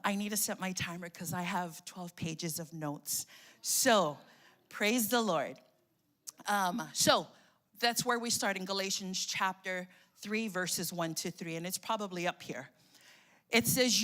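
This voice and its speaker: A woman pastor preaching a lively call-and-response sermon. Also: mid-range voice, unhurried.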